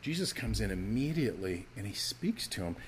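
Man, pastor, preaching, animated, emphatic, acts out quotes. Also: on the low side, fairly quick, a little hiss or hum. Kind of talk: sermon.

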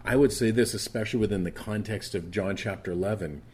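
A man's voice: fairly low pitch, quick pace, a little mellow, slightly rough. A middle-aged man preaching a sermon in an earnest, conversational way, often restarting his sentences. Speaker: pastor.

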